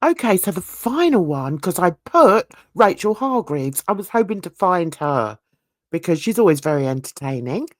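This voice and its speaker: Chatty woman with lively pitch. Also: moderate pace, dry recording, clean studio sound. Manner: chatty, self-mocking, laughs at herself, stumbles over reading. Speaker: true crime channel host. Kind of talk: casual chat reading comments.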